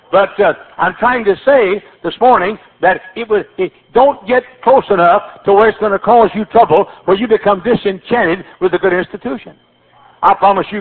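Older male pastor, folksy sermon storyteller, high voice on a thin lo-fi recording. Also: breathy edge. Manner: folksy storytelling with repetitions and stammered restarts. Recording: tinny phone-like sermon recording.

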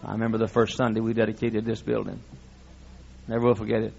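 A man's voice: lowish voice, completely flat delivery, fast talker, vocal fry, darkish tone, highs cut off, slight background noise. A male pastor preaching a sermon with impassioned, folksy delivery and frequent laughter.

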